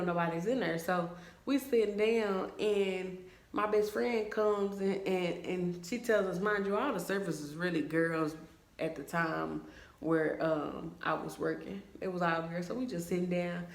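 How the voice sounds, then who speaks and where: A young woman with a fairly low voice tells a story to her camera in a casual, chatty way. She is animated and acts out her friends' lines as she goes. The room around her is bare and echoey. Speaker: vlogger. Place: at home in a room, taking her hair down on camera.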